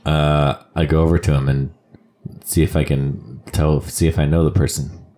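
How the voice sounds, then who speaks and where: A man's voice: extremely low pitch, flat delivery, moderate pace, warm tone. A man playing a tabletop game, talking hesitantly and filling his speech with "like". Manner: hesitant, many fillers. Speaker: player. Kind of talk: casual tabletop play.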